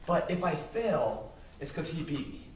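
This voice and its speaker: An intense motivational speaker, a man with a fairly high voice, pressing his points hard and swearing freely. He is caught from a distance in a roomy hall, with faint ambience behind him. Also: very animated, a little slow, a little mellow, a little hiss or hum. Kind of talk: motivational speech to business students.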